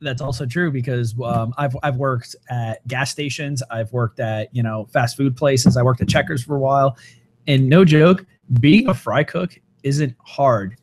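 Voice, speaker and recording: Laid-back soft-spoken man. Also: mid-range voice, unhurried. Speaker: podcast co-host guest. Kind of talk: casual chat.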